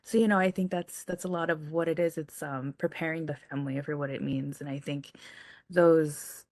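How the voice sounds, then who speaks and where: A young woman on a video panel reflects on a personal experience in a soft, halting way, full of pauses. Her voice sits low with a gravelly edge. The sound is close and dry. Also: fairly even intonation, no room sound. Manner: soft, halting, with frequent fillers.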